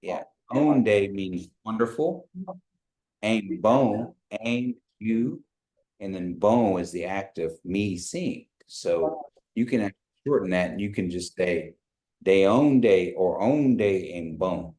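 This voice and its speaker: A man teaching a beginners' language class from an office over a video call, patient and slow when repeating phrases. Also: deep voice, darkish tone.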